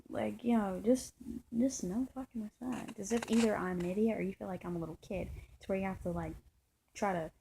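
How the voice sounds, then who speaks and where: A woman's voice: medium pitch, vocal fry, warm tone, slight background noise, poor audio. A woman vlogging a long, rambling personal story in a frustrated tone, full of fillers and restarts. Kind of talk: casual storytelling monologue.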